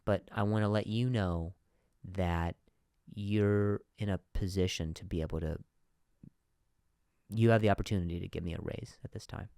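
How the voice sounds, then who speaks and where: A man's voice: sits low, steady tone, moderate pace, gravelly, pauses often, warm tone, clean tone, no room sound, clean studio sound. A man hosting a comedy podcast, telling a bit with many restarts and repeated words, playing the people he describes. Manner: acts out quoted bosses and workers in shifting voices. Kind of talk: comedic monologue.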